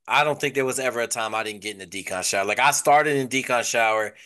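A man hosting a casual chat, telling profane, animated stories. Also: medium pitch, fast. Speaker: host.

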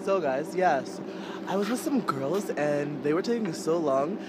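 A young man chatting excitably to his camera while skiing on a snowy mountain, joking at his own expense. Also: fairly high pitch, measured pace. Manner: excitable, chatty, self-mocking. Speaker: vlogger. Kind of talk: casual vlog chat to camera. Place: outdoors on a snowy ski mountain. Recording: noisy outdoor mountain ambience.

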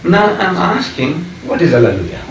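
A man's voice: on the high side, sing-song, normal speed. A man leading a heated religious debate, lecturing and pressing his listeners with repeated questions. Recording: echoey room, voice far from mic, faint noise.

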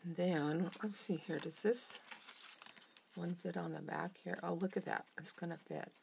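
Chatty middle-aged woman vlogger, low gravelly voice, unhurried craft chat in her studio. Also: fairly even intonation, background noise. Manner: chatty, personal, greets viewers by name. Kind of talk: casual chat while crafting. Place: home art studio.

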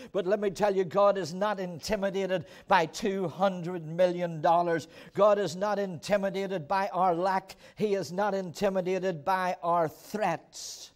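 A man preaching a sermon in a church, telling stories with fervour and calling on the congregation to respond. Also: sits high. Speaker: pastor. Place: church auditorium.

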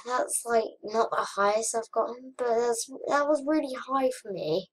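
A young woman chatting casually over her gameplay, murmuring to herself and then bursting into frustrated shouts. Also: fairly high pitch, unhurried. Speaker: gaming vlogger. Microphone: webcam or desk mic.

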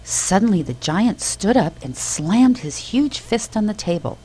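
A woman narrating a children's storybook in an expressive, animated way. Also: medium pitch, unhurried, over music, low-quality recording.

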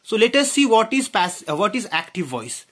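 A man's voice: high-pitched, big pitch swings, fairly quick, fairly bright tone, slightly rough. A man teaching a grammar lesson, asking the class questions and saying "okay" often. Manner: explains with frequent questions and "okay", voice drops at phrase ends.

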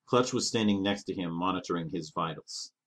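Low-voiced man reading a novel aloud. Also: brisk, a bit bright.

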